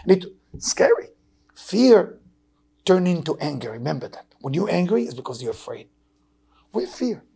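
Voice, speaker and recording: An Israeli man in his sixties teaches Kabbalah in an impassioned sermon. His gravelly, very raspy voice rises to urgent pleading, then sinks to hushed, heavy tones. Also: sing-song, normal speed, pauses often. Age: 60s. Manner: emotional, swinging from loud urging to low hushed tones.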